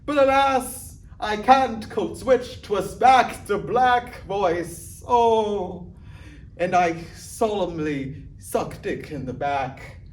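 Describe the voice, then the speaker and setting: A high, fluting, mock-British voice as a man puts it on, pompous and theatrical with exaggerated exclamations. It comes from a mic at some distance, with faint ambience. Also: expressive, takes it slowly, slight background noise. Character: posh, theatrical British-accented young man, Shakespeare-trained.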